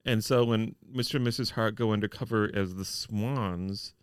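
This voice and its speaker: Wry smooth-voiced man recapping a show. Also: fairly low pitch, no echo, clean studio sound. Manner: wry, deliberate recapping with deadpan nitpicks. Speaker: podcast co-host. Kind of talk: casual chat reviewing a TV episode.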